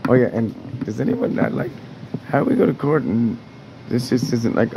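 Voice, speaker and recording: A man's voice: mid-range voice, brisk, noisy background. A man ranting in his apartment as a tenant, agitated and heavily profane, restarting and repeating himself. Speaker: tenant vlogger. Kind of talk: angry rambling rant. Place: apartment indoors.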